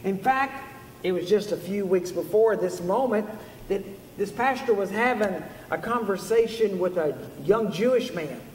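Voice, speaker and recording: High-voiced preacher in a roomy church. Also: male voice, a little slow, distant mic, a little hiss or hum. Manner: earnest storytelling preacher. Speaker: pastor. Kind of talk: sermon. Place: church sanctuary. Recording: roomy hall from afar.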